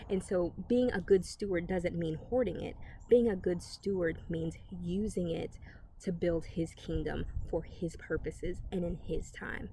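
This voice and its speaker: A woman's voice: medium pitch, warm tone, slight background noise. A woman giving a casual devotional pep talk, earnest and encouraging, speaking straight to her listener. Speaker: Christian encouragement vlogger.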